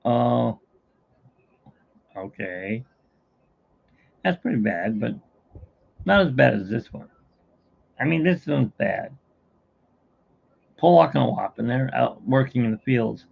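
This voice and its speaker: A man's voice: mid-range voice, expressive, slow pace, vocal fry, pauses often, slightly rough, lo-fi sound. A middle-aged man hosting a live stream, chatting casually and telling jokes in a rambling, self-mocking way.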